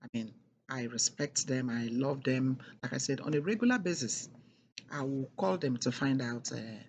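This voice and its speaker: A woman's voice: rumbling low, moderate pace, a little mellow, a little hiss or hum. A middle-aged woman telling a personal story in an emphatic, repetitive way, leaning hard on key words. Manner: emphatic and repetitive, with heavy stresses. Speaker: speaker sharing a personal testimony.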